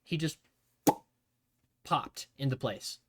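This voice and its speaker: A man telling army training stories to his stream in a casual, profane, animated way. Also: medium pitch, slow, husky.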